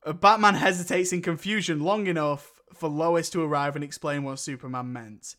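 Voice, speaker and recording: Chatty man, slightly high voice. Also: normal speed, a bit bright. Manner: rambling, laughs often, mimics lines. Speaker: podcast co-host. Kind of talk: casual film review chat.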